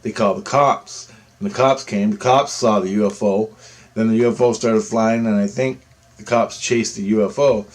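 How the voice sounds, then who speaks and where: A man telling a personal story in a casual, rambling way, acting out what others said with sudden excited jumps in his voice. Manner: animated, quotes others with big pitch jumps, rambling with restarts. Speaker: storyteller recounting a personal experience.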